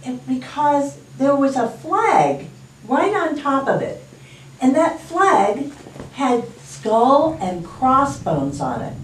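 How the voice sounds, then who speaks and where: Slow, expressive librarian reading aloud. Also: female voice, high-pitched, a little hiss or hum. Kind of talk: storybook read-aloud. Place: library storytime room. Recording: roomy, distant, faint ambience.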